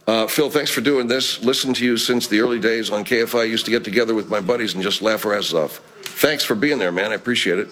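A man's voice: on the low side, fast, fairly bright tone. A middle-aged man, a voice actor, hosting a casual live-stream chat, reading comments in a profane, rambling, laid-back way.

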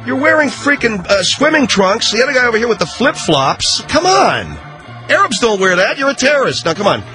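Man putting on a whiny, high, nagging buddy. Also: very animated, a little fast, pushed and bright, soft background music, heavily acted. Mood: exasperated. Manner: whiny, incredulous scolding. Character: exasperated young male buddy, nagging, bossy.

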